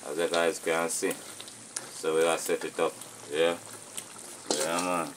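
A man with a Jamaican accent hosting a casual outdoor cooking vlog, talking to viewers in a relaxed, patois-flavoured way. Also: low-pitched, a little slow, noisy background. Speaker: cooking channel host. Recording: sizzling pots and clatter behind. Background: frying sizzle and pot clatter.

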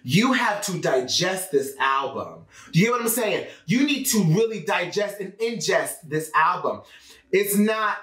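A man hosting an album reaction, talking to viewers in an animated, exclaiming way over the music. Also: high-pitched, a little slow. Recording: roomy, slightly distant mic with music.

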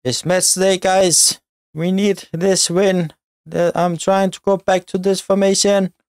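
A man giving excitable live commentary on his football video game, often shouting at his players and the referee. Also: high-pitched, takes it slowly, no room sound. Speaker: gaming YouTuber.

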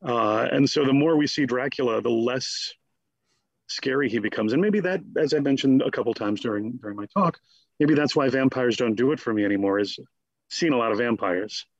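Male guest scholar, husky, animated and digressive; dry, lo-fi recording. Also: mid-range voice, no room sound. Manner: animated, digressive, slips into quick mock voices. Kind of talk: conversational interview.

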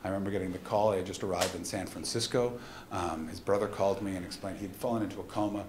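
A man performing a stand-up comedy set live, moving between quiet somber storytelling and loud punchlines. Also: sits low, fairly even intonation, quick pace. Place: live comedy venue at a festival. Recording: roomy live venue with audience noise.

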